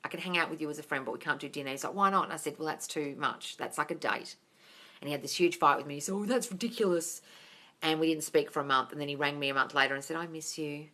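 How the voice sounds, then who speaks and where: A woman's voice: low voice, fairly even intonation, rapid-fire, bright, forceful tone. A woman, hosting a live-stream Q&A as a manifestation coach. She reads out viewers' comments and answers them in a bubbly way, squealing and laughing often.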